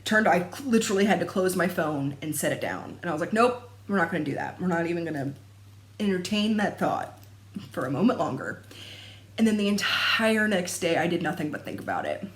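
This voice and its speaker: A woman's voice: on the low side, sing-song, brisk, a little hiss or hum. Chatty, rambling woman, roomy sound. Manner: chatty, rambling, laughs often. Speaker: cross-stitch vlogger. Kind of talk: casual chat to camera. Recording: echoey room.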